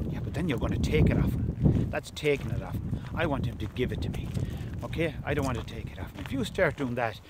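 A middle-aged man, a gundog trainer, calmly explaining an outdoor training session and talking softly to his dog. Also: medium pitch, fast talker. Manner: calm, speaks softly to the dog between explanations. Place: outdoors in a field or lane. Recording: windy outdoor recording with loud background noise.

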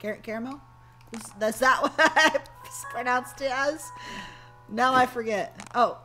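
Woman streamer, casual gameplay chat, joking banter, slow pace, fairly high voice. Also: bright, forceful tone, faint music behind.

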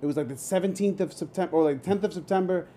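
A male actor telling a casual story on a video call, animated and loose, swearing freely and acting out what he said. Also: high-pitched, quick pace, slight background noise. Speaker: actor, guest.

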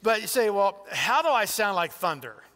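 A man's voice: sits high, sing-song, moderate pace, sharp tone, in a large hall. A man pastor preaching a sermon in a church, in a conversational, emphatic way with direct appeals to listeners. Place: church sanctuary.

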